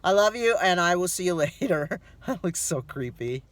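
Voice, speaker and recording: A man's voice: high-pitched, lively intonation, normal speed, fairly bright tone. A tired middle-aged man vlogging from his car, rambling through casual stories, swearing freely and laughing easily. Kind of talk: casual chatty storytelling.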